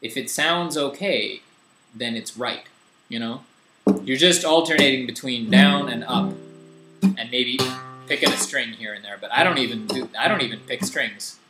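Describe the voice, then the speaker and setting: A young man casually teaching a guitar lesson in a relaxed, rambling, self-deprecating way, with guitar strumming behind him. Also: medium pitch, normal speed. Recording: echoey room with loud guitar.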